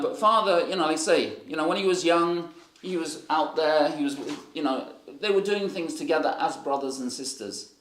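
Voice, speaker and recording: Here a man preaches a sermon woven with stories, his fairly high voice echoing around the room. He drifts as he talks, often restarting and leaning on fillers.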